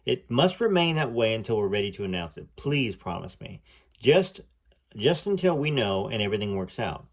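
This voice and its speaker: A man voicing a devout, secretive young woman who speaks softly and imploringly. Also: lowish voice, very animated, normal speed. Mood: pleading.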